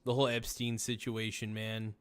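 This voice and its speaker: A man's voice: fairly low pitch, level tone, normal speed, clean tone. A man hosting a casual livestream talk show, reading viewer messages aloud in a tired, rambling, laid-back way. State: tired, yawning. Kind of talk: casual late-night stream chat reading viewer messages.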